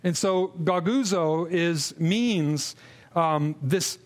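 A man with a notably high-pitched voice delivers an expository sermon. He speaks earnestly, stumbling into restarts and repeated words. When he mimics grumbling he drops low and quiet. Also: drawn-out words. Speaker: preacher.

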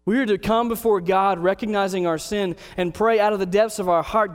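A man preaching a sermon as pastor, earnest, slowing down to read scripture aloud. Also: sits high, steady tone, big-room sound.

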